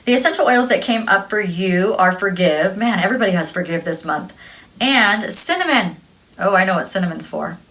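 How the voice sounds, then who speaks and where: A woman's voice: mid-range voice, lively intonation, normal speed, fairly bright tone, rough recording. A woman giving a casual tarot reading, chatty and gushing, laughing often. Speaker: tarot reader.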